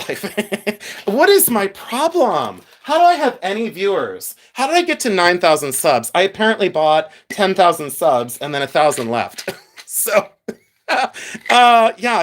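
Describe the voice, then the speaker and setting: A man's voice: sits high, fairly bright tone. A middle-aged man from Ohio hosting a live stream, chatting casually with viewers, laughing often and poking fun at himself. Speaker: livestream host.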